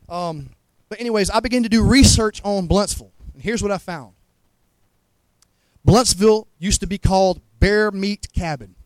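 A man's voice: high-pitched, moderate pace, dry recording, low-quality recording. A man with a Southern accent, preaching a fervent sermon as a guest preacher, often stumbling over repeated words and asking the congregation if they hear him. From Montgomery, Alabama. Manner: fervent, repeats words, asks the crowd to agree.

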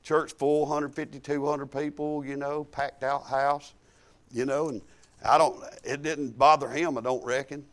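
A man's voice: medium pitch, little pitch movement, a little slow. A man preaching a storytelling sermon in a folksy, conversational way, chuckling now and then.

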